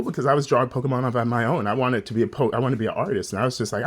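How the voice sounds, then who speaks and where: A man's voice: medium pitch, racing, few pauses. A young man talking through hard personal memories in a rambling, emotional monologue that is full of swearing. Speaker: vlogger.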